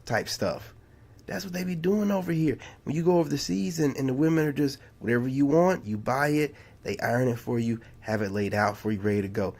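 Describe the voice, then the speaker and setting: A man's voice: mid-range voice, lively intonation, fairly quick, creaky, a little mellow. A man hosting a casual reaction video, talking in a drawling, slangy way and saying "man" a lot. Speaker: YouTube reaction host.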